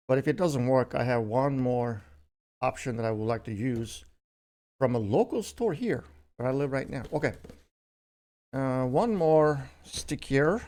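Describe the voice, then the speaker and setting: With a mid-range, darkish voice, this older unboxing vlogger rambles casually through the commentary. He's chatty, leaning heavily on fillers and correcting himself often.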